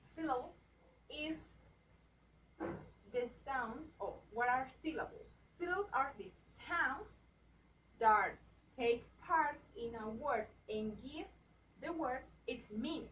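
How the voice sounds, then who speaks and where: Woman, slow halting lesson delivery, highish voice, dull roomy distant recording. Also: a bit bright. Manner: halting, with restarts and repeated example words. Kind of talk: slow class presentation on phonetics. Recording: dull, roomy audio from far off, faint noise.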